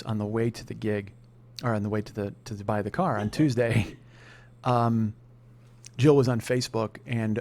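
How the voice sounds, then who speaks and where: A man's voice: fairly low pitch, a little mellow. A man hosting a podcast, telling a comedic story in a profane, heated rant. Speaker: podcast host.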